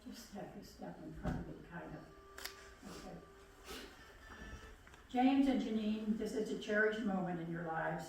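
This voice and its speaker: A woman's voice: mid-range voice, noisy background. Solemn woman officiating a wedding. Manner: measured, solemn delivery. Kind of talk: formal wedding ceremony. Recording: echoey room, distant mic.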